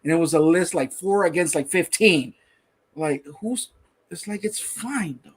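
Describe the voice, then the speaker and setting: Animated man co-hosting a gaming podcast. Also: on the high side, a little slow, husky. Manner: animated, incredulous, swears casually. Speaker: podcast co-host. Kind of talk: casual chat.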